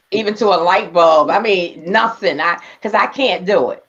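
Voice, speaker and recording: A woman's voice: fairly low pitch, takes it slowly, a bit bright, highs cut off. A woman being interviewed about her husband's illness, speaking earnestly and emotionally and laughing between phrases. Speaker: guest author. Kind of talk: conversational interview.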